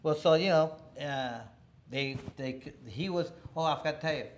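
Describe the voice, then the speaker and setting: Rambling storyteller man, fairly high voice. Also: moderate pace, a little hiss or hum. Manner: rambling, many restarts, laughs while telling. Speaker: former boxer telling a story. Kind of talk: casual storytelling interview.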